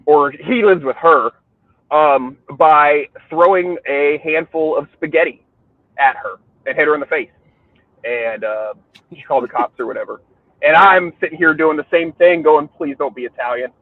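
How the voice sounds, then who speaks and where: A man's voice: fairly high pitch, a little slow, no room sound, phone-quality sound. A man hosting a podcast, telling rambling, crude stories in a casual chat and laughing often. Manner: rambling storyteller, crude jokes, laughs a lot. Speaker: podcast host.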